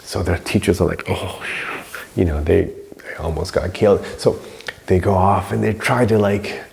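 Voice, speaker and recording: A man's voice: deep voice, moderate pace, gravelly, a little mellow. A man teaching a spiritual story in a casual, rambling way, full of fillers. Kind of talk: storytelling lesson.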